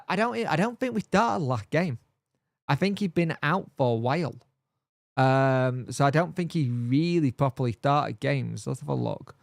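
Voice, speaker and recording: A man's voice: medium pitch, gravelly, dry recording. A man hosting a football fan channel, chatting casually on a live stream and thinking aloud with lots of fillers.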